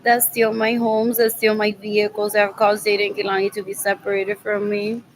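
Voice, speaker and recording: A woman's voice: mid-range voice, completely flat delivery, brisk, slight background noise, rough recording. A woman vlogging in a loose, rambling monologue, muttering scornful remarks and repeating the same phrases over and over. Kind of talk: casual rambling monologue to viewers.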